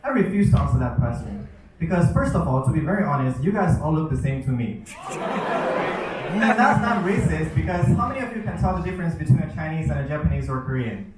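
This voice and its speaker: A young man performs stand-up before a live audience, telling stories from teaching and slipping into his students' voices. His voice sits a little high, and it rings through an echoey hall, picked up from some distance away. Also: expressive, fast, very noisy. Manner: storytelling with acted-out student voices. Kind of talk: stand-up comedy set.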